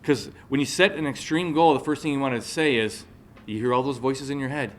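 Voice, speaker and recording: A man's voice: mid-range voice, fairly quick, slight background noise. A man in his forties giving a live motivational talk to an audience, telling a personal story and often checking in with the listeners. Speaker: motivational speaker.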